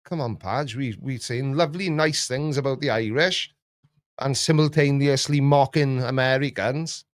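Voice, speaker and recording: A man hosting a casual chat, rambling and jokey, often jumping up in pitch. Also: normal speed, no echo. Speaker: YouTube reaction host.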